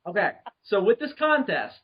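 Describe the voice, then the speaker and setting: A man hosting a podcast in casual chat, joking, swearing freely and getting excited. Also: sits high, normal speed, dull audio. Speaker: podcast host.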